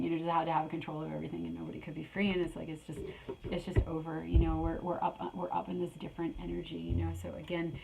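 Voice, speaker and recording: A middle-aged woman with a low, gravelly voice rambles through a spiritual tarot reading, circling back to repeat her phrases. Her delivery stays fairly flat in pitch and she sounds a little out of breath. A faint noise sits under the recording. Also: fast, rough recording. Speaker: tarot reader.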